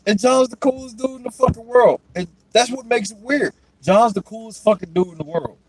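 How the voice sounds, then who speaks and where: A young man and podcast host telling stories in a casual chat, profane and animated, often breaking into laughter. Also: very high-pitched, brisk, no echo, low-quality recording.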